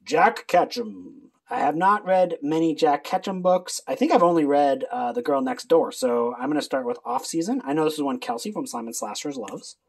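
A book video creator chatting casually through a reading list, talking in an animated way with many quick asides. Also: medium pitch, slightly rough.

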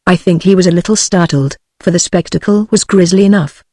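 A text-to-speech voice reading a classic ghost story aloud in an even, synthetic narration. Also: medium pitch, fairly quick, few pauses, no room sound, clean studio sound. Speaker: audiobook narrator. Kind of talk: scripted narration.

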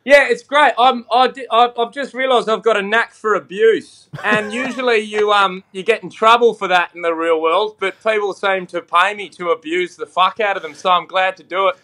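A young man with an Australian accent talks in a casual podcast chat, full of crude jokes and swearing. His voice sits high and sounds bright. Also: moderate pace, few pauses. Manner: crude, swearing, abrasive banter. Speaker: comedian guest.

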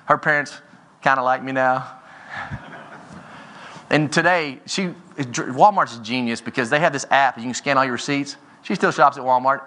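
A man in his forties giving a motivational keynote speech from a conference stage, telling stories with energy and often rising in pitch and volume. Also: pushed and bright. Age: 40s. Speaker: keynote speaker. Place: conference stage before an audience.

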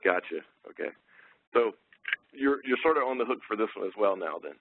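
A man presenting a technical webinar, relaxed and full of ums and uhs as he thinks aloud. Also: lowish voice, brisk, noisy background. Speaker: webinar presenter, sales engineer. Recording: tinny phone-line audio.

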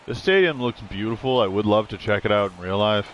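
A man's voice: lowish voice, a little fast, fairly bright tone, a little hiss or hum. A man giving casual, rambling commentary while playing a video game, blunt and full of swearing. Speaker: gaming streamer. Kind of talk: casual let's-play commentary.

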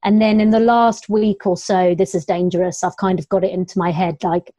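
A woman's voice: fairly low pitch, flat delivery, fairly quick, warm tone, no echo. A young adult woman, a long-distance runner, chatting casually in an interview, laughing often and quoting herself. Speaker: ultrarunner guest.

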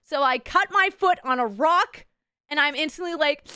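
A woman's voice: high-pitched, fairly quick, bright, forceful tone, smooth, dry recording, studio quality. A young woman streamer telling a story to her chat in a casual way, swearing a lot, laughing often and playing up her own drama. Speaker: VTuber streamer.

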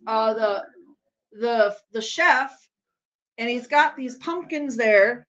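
Woman host, high and unhurried, rambling giggly chat on a dull lo-fi stream. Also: animated, a bit bright. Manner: rambling, laughs often, swears freely. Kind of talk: casual chat while watching a game. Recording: dull lo-fi sound.

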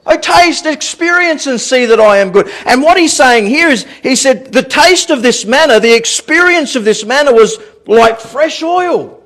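High-pitched animated male pastor. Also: normal speed, few pauses. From Australia. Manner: animated, repeats words, laughs at his own stories. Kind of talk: sermon. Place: church.

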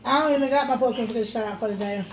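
Brief: chatty woman vlogger, high voice, echoey room with faint noise. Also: very fast. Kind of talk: casual mukbang chat.

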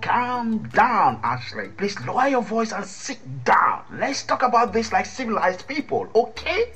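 A woman's voice: fairly high pitch, unhurried, slight background noise, heavily acted. Woman voicing an evasive boyfriend. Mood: placating. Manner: defensive, dodging, excitable. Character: young Nigerian man, evasive cheating boyfriend. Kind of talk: radio drama acting.

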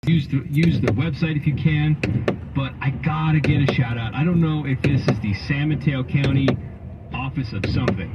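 A man hosting a radio morning show, telling stories in a chatty, animated way. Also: medium pitch, normal speed, far from the mic. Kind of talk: casual radio banter. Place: radio studio, heard through a car speaker. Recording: car radio heard in a moving car, muffled, road noise.

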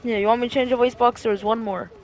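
A man with a very high voice talks fast, his intonation fairly even. He's running a goofy game roleplay, narrating casually while joking, laughing and apologizing to his robot sidekick.

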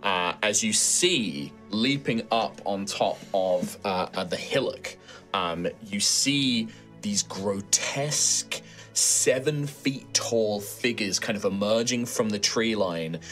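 A British man narrating a tabletop game as game master, relaxed and rambling with many fillers. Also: lowish voice, takes it slowly, soft background music.

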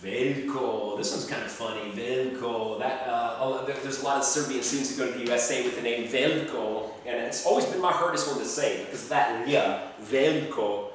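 A man presenting travel tips in a chatty way, slowly sounding out names and repeating them. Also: mid-range voice, distant mic, a little hiss or hum. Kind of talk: casual explanatory talk. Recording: echoey room, voice off-mic.

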